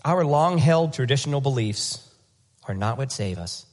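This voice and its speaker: A male pastor preaching a conversational, animated sermon with comic asides, often repeating words as he rethinks his sentences. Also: mid-range voice, normal speed.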